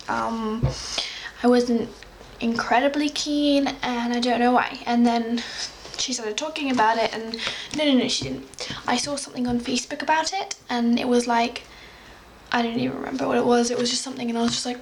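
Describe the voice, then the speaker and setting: A young woman with an English accent softened by American tones, talking casually as a book vlogger, rambling with lots of fillers and small giggles. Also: a little high, fairly even intonation, a little fast, a little hiss or hum, low-quality recording. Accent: English, slightly Americanised. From England. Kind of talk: casual chatty monologue.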